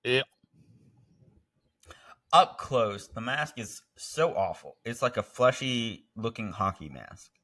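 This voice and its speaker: Bright-voiced man riffing on an old movie. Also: mid-range voice, sing-song, slow pace, pauses often. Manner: jokey, mocking mock-British impressions. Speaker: podcast co-host. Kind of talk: casual movie review chat.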